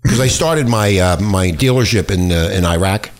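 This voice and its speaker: A man's voice: low-pitched, normal speed. A man hosting a crude, casual talk radio show, rambling with lots of fillers and restarts.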